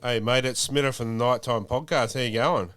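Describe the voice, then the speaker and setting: A man hosting a podcast, relaxed and chatty, calling people mate. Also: medium pitch, fairly quick, dry recording. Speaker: podcast host. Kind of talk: casual chat.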